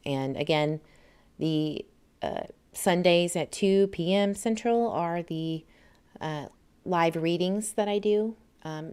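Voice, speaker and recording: With a low-pitched, somewhat dark voice that rings clear and resonant, this livestream host speaks in a Southern US accent. She keeps things casual, reading comments from viewers aloud and laughing frequently.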